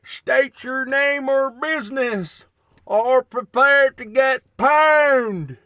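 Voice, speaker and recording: A man voicing a pompous male castle guard who challenges a stranger in a high, theatrical, blustering tone. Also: drawn-out words, bright, forceful tone, no echo, exaggerated voice. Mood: challenging.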